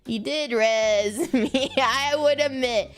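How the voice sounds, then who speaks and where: A young woman streaming casual chat, giggling often and breaking into high laughter. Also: slow. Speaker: VTuber streamer.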